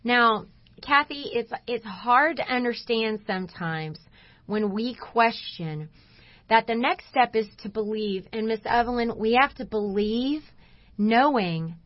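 A woman's voice: a little high, a little slow, dry recording, muffled recording. A woman co-hosting a Christian radio talk show, telling a story with lots of laughter. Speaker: radio show co-host, coach. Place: radio studio.

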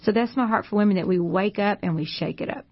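A woman's voice: medium pitch, fast talker, lo-fi sound. A woman, a pastor's wife giving a fervent, preacherly testimony on a Christian talk show. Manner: fervent, preacherly, repeats phrases.

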